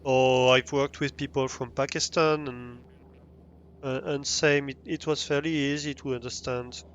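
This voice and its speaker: A man's voice: mid-range voice, steady tone, measured pace, smooth, lo-fi sound. A man with a French accent chatting casually while livestreaming a game, rambling with frequent restarts and easy laughs. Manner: rambling, many restarts and ums, laughs easily.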